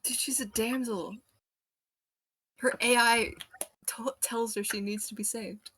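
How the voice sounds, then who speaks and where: A woman's voice: fairly high pitch, fairly even intonation, measured pace, bright, forceful tone, husky, no echo. A woman playing a tabletop game, wry and teasing. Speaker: player. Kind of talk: casual tabletop play.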